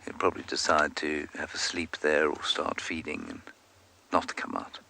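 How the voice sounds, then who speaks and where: A man working as a safari guide, giving calm, explanatory live commentary outdoors in the bush. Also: a bass voice, normal speed, creaky. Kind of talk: live game-drive commentary. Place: outdoors in the bush on a game drive. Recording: outdoor ambience noise.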